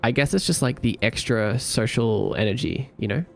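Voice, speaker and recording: He has a medium-pitched, gravelly voice at a normal speed. While streaming his game coding, he chats loosely with viewers in a sleepy, relaxed way, rambling on, voicing his thoughts, and humming to himself.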